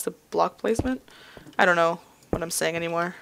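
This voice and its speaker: A woman's voice: fairly low pitch, fairly quick, creaky, noisy background. A young woman in her college years chatting and rambling to herself while hosting casual gameplay commentary. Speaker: gaming video host.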